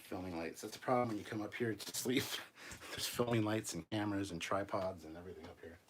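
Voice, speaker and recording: A man with a deep, low-pitched voice talks through a casual livestream show-and-tell in a room at home. He rambles in a relaxed way and jokes at his own expense, over a faint hiss of background noise. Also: a little fast. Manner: relaxed, rambling, self-deprecating. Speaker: channel host. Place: upstairs room at home filled with collectibles.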